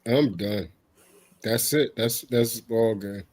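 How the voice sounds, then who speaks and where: A man co-hosting a livestream, giving slow, emphatic comments in a casual chat. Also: lowish voice, darkish tone.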